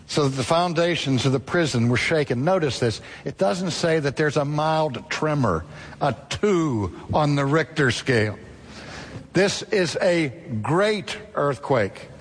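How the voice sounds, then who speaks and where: A man preaching a sermon, telling a story dramatically with sudden rises and drops in pitch. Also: big-room sound, slight background noise.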